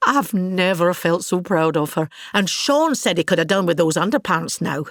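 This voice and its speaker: A woman's voice: fairly low pitch, normal speed, dry recording, studio quality, lightly acted. A woman with a Scottish accent playing a vain, grandiose older actress in a scripted comic monologue, pompous and gossipy. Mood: grand.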